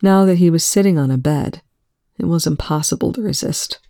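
A woman reading a story aloud in a soft, hushed manner, with quiet dialogue. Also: low-pitched, no echo, studio quality. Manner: soft-spoken, slow and hushed. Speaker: fan fiction reader. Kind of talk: reading fiction aloud, then casual commentary.

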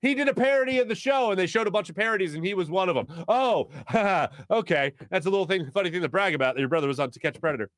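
A man hosting a sports talk show, talking with a fairly high voice. He tells stories in an animated, rambling way, full of quick asides. The studio sound is close and dry, with no room around the voice. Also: dry recording. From Philadelphia. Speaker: sports radio host. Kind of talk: casual sports talk, storytelling.

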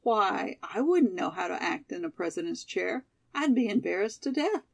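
Brief: earnest, loyal schoolgirl, easily embarrassed, voiced by a woman reader with a little fry. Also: medium pitch, lively intonation, normal speed. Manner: embarrassed, loyal, sometimes hot. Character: earnest, modest young college girl Molly.

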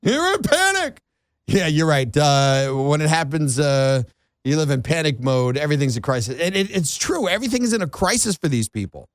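A man's voice: a little high, brisk, no room sound, clean studio sound. A man who grew up in New England, hosting a talk show and ranting in an exasperated, mocking way. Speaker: radio show host. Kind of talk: opinionated monologue. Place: Florida.

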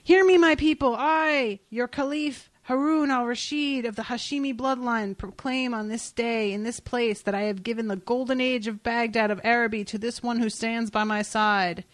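A woman's voice: a little high, fairly even intonation, moderate pace, few pauses, dry recording, close to an everyday voice. A woman voicing a regal male caliph of old Baghdad, solemn and formal. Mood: proclaiming.

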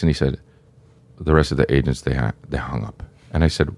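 A man's voice: quick pace, no room sound. A man in his thirties, a guest co-host, telling a comic story and acting out the people in it. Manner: animated, acts out characters with big pitch swings. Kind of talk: comedic storytelling.

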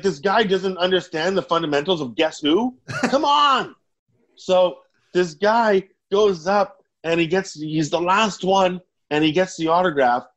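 A man's voice: on the high side, lo-fi sound. A man telling long, profane stories as a guest in a casual chat. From Canada. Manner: profane, rambling, animated. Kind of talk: casual storytelling.

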